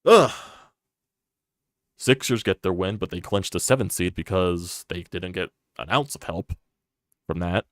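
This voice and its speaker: A man's voice: low voice, a little slow, pauses often, a bit bright, no room sound, clean studio sound. A young man ranting on a live sports stream, frustrated and profane, repeating himself as he talks.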